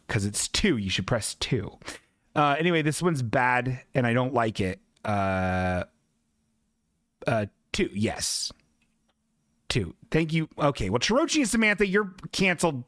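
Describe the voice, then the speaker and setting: A man's voice: medium pitch, animated, measured pace, a bit bright, no echo, studio quality. A man hosting a livestream podcast, riffing in casual, profane, sarcastic rants about viewer submissions. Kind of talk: casual comedic chat reading viewer submissions.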